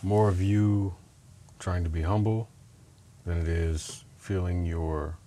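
Deep, dark-voiced man asking quietly. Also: fairly even intonation, slow pace, a little hiss or hum. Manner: quiet, low-key interjections. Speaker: podcast host. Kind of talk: casual interview.

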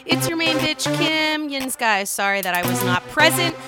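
A woman with a Pittsburgh accent hosting a gossip podcast, chatting casually with lots of swearing and sudden bursts of loudness. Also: high-pitched, normal speed, loud music behind the voice. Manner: chatty, profane, animated swings in loudness. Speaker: podcast host.

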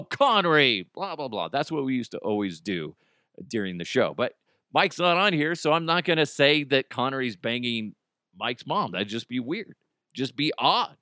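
Blunt, profane podcast host with bright voice. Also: male voice, on the high side, no room sound, studio quality. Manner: profane, blunt, self-mocking, laughs often. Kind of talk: casual solo podcast rant.

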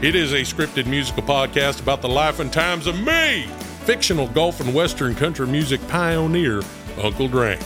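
A man plays a hammy old-time country star with a put-on drawl, pitched a bit high, and his voice leaps up and down. He is pitching a podcast over clear music. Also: expressive, moderate pace, natural voice. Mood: folksy. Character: folksy country music pioneer Uncle Drank, adult man. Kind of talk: scripted podcast ad. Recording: with loud music behind.

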